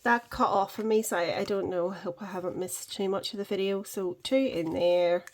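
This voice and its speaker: A woman talks through her cash budgeting in a relaxed, chatty way, counting notes out loud and catching her own slips. Her voice sits at a middling pitch. A faint hiss of noise runs under the recording. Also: moderate pace. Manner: chatty, counts money aloud, self-correcting. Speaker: budgeting vlogger. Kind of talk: casual cash-stuffing vlog.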